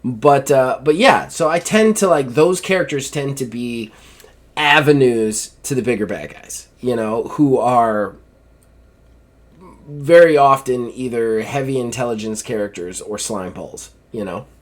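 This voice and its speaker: A man's voice: medium pitch, unhurried. A man co-hosting a casual gaming podcast, talking in a loose, laid-back way with lots of fillers.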